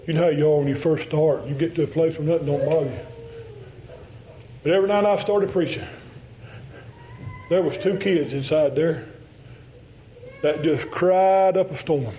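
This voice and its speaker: A man's voice: fairly high pitch, moderate pace, pauses often, dark tone, slight background noise, low-quality recording. A man preaching a folksy sermon, telling stories and chuckling often.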